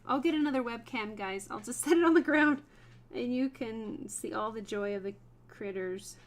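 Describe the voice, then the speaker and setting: A woman with a slightly high voice hosts a relaxed craft livestream. She chats easily with her viewers while she works, greeting them by name and laughing often. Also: normal speed. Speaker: host of a wood burning livestream. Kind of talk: casual livestream chat while working.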